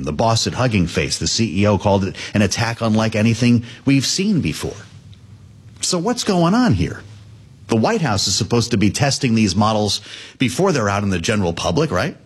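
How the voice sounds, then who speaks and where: A man anchoring a live business news show, speaking in a conversational, lively way. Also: mid-range voice, slightly rough.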